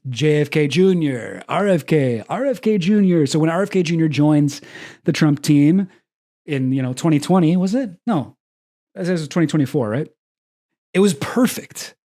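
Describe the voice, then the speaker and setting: Young guy streaming, sarcastic rambling commentary, slightly higher voice. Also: darkish tone. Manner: sarcastic, rambling, laughs at own jokes. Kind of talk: casual commentary.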